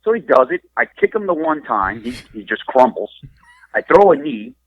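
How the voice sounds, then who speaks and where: A man spins rough, profane wrestling stories in casual podcast talk. His voice swings widely up and down as he acts out each exchange. The sound is close and dry. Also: medium pitch, normal speed, dry recording, highs cut off. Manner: profane, animated storyteller acting out quotes. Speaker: wrestler and trainer, podcast guest.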